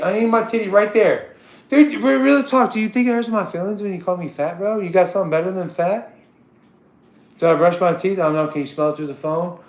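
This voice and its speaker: A high-voiced man in his thirties hosts a livestream, launching into an unscripted rant. Crude and confrontational, he trash-talks a chatter, talking loudly and excitably and repeating himself, while the room gives off a roomy echo.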